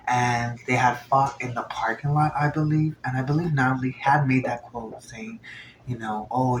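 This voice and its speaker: A man chatting casually through a review of a reality show episode. He is animated and drops into hushed asides when he quotes people. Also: mid-range voice. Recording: roomy echo, faint background noise.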